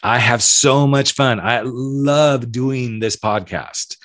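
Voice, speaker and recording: A man's voice: medium pitch, slow, fairly bright tone, dry recording. Candid fifty-something man, dry close sound. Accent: Southern American. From southern United States. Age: 50s. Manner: candid, conversational, emphatic repetitions. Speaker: podcast host. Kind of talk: reflective podcast monologue.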